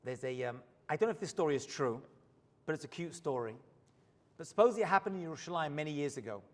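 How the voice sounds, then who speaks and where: A man preaching a storytelling sermon as a rabbi in a synagogue, swinging from hushed asides to loud high points. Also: lively intonation, fast, in a large hall.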